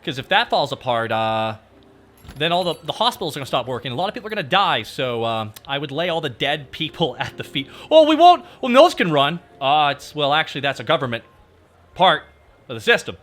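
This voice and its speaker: Male VTuber host, bright and animated delivery, fired-up profane rant to his chat. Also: medium pitch, a little fast. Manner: ranting, profane, talks straight to chat. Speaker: VTuber streamer. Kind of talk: casual livestream chat.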